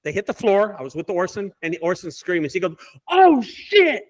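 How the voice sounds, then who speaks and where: A man who owns a junk removal business, telling stories in a casual group call with lots of swearing and animated delivery. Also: sits high, fast. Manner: profane, animated storyteller.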